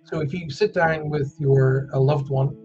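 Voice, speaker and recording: A man's voice: fairly high pitch, fairly even intonation, measured pace, a little mellow, highs cut off, faint music behind. An Irish man hosting a live wellbeing show, talking casually and joking as he reads out viewer comments. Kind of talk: casual live-stream talk.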